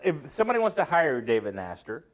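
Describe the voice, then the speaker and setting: A man hosting a talk show, prompting his guest with short questions and quick laughs. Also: fairly high pitch, sing-song. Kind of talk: casual interview.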